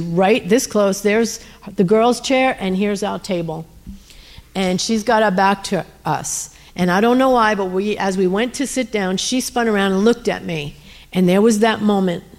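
A woman's voice: medium pitch, measured pace, darkish tone. A woman telling a faith testimony as a missionary speaker, earnest and emotional, with frequent fillers. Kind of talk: testimony storytelling.

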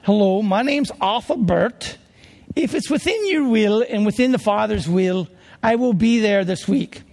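A man's voice: high voice, animated, a little slow, creaky, darkish tone, exaggerated voice. A man voicing an elderly male preacher from Wales, with a weak attempt at an English accent. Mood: gentle. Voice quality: plain voice with a thin accent attempt. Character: elderly male Welsh preacher, gentle and calm.

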